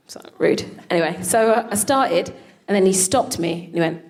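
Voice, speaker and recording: A woman co-hosting a show, telling comic stories on stage in an animated way, swearing and laughing often. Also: medium pitch, moderate pace. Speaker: co-host. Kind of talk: comic storytelling before a live audience. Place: live stage.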